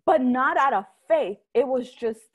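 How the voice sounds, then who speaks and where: A woman giving a candid, animated testimony in a sermon, earnest and addressing the congregation directly. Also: sits high, a little slow, lo-fi sound. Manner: candid, animated storytelling with rising exclamations. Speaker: church speaker.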